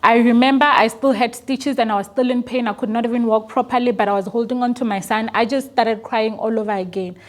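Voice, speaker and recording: A woman's voice: fairly high pitch, fairly even intonation, brisk, few pauses. A young woman telling a painful personal story as an interview guest, earnest and emotional, sometimes stumbling and repeating her words. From South Africa.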